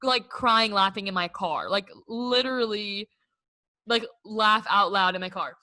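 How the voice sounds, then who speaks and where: Unhurried and sharp in tone, her mid-range voice comes through with no echo. She's a young woman co-hosting a podcast, a chatty storyteller whose casual tale is packed with "like."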